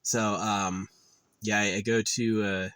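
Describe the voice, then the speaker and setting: A man's voice: fairly low pitch, flat delivery, slow pace, sharp tone, clear, resonant tone, dry recording. A man vlogging in a casual, rambling rant, swearing often and sounding exasperated. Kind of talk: casual ranting monologue.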